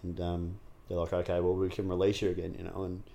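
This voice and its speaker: This recovery-story guest speaks fast in a low, warm voice with vocal fry and an entirely flat delivery, over slight background noise. Candid and unguarded, he curses heavily and keeps stumbling through fillers and restarts.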